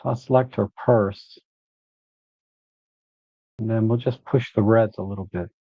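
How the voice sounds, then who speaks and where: A man hosting a live photo editing walkthrough, relaxed and thinking aloud as he works. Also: fairly low pitch, unhurried, no room sound, muffled recording.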